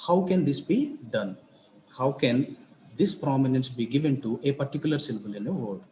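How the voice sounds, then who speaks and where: A man giving a grammar lesson as a teacher, explaining each point deliberately, repeating himself and spelling out examples. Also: medium pitch, animated, a little mellow, a little hiss or hum. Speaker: English teacher. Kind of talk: slow explanatory grammar lecture. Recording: roomy echo with faint ambience.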